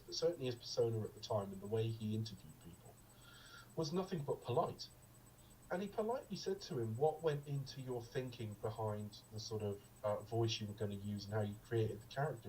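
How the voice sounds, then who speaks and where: A man's voice: mid-range voice, darkish tone, far from the mic, slight background noise, low-quality recording. A man co-hosting a podcast, chatting casually about a film in a rambling, digressive way with lots of ums. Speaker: podcast co-host. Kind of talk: casual film review chat.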